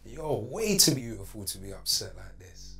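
A man playing a smooth-talking AI boyfriend. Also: fairly low pitch, sing-song, normal speed, far from the mic, voice pushed down, exaggerated voice. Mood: tender. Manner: soft, smooth-talking, whispery.

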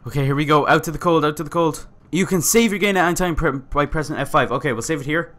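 A man giving let's-play commentary, excitable and swearing often as he reads on-screen text aloud. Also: on the high side, fast talker. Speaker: gamer playing a survival game.

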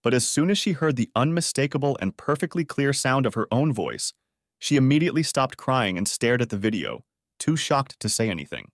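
A man narrating a first-person story audio book in a steady, matter-of-fact way. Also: medium pitch, brisk, no echo, studio quality. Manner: steady, matter-of-fact, stern when confronting.

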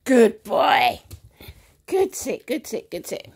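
Lively cooing woman talking to puppies. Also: a little high, slow, gravelly, breathy edge. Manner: cooing, sing-song baby talk to puppies. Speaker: dog breeder filming her puppies. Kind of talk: casual chat to dogs while filming. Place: indoor living room at home. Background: puppies playing.

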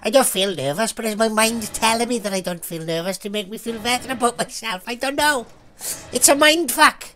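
A woman's voice: on the high side, a little fast, hardly any pauses. A woman giving sweary, jumpy commentary over a horror game, laughing at the scares. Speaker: let's play gamer.

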